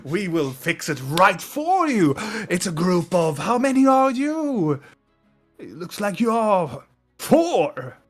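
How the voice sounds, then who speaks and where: A man voicing a huge, boisterous male innkeeper who laughs and shouts jovially. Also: high-pitched, very animated, takes it slowly, faint music behind, voice pushed up, exaggerated voice.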